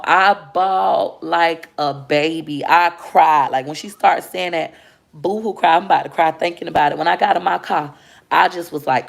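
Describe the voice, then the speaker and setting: A woman's voice: deep voice, vocal fry. A woman, a mother livestreaming, telling a heartfelt personal story to her viewers. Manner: candid, heartfelt, addresses viewers as y'all.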